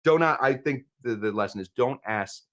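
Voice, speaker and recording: A man in mid pitch hosts a live cocktail show and chats loosely to his viewers. He rambles from one topic to the next and stops to read out their comments. His delivery is loose, jokey and unscripted. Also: animated, normal speed, a bit bright. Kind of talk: casual live-stream chat.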